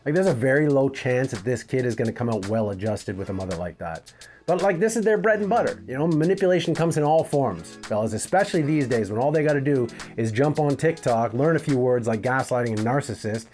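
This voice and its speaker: A man's voice: medium pitch, expressive, a little fast, a little mellow, faint music behind. A man giving blunt, scornful commentary on online clips.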